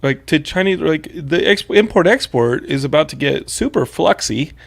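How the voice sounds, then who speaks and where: A man's voice: a little high, expressive, moderate pace, gravelly. A man hosting an interview podcast, joking and acting out other people's words. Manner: playful, acts out quotes, restarts a lot. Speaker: podcast host. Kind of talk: casual interview chat.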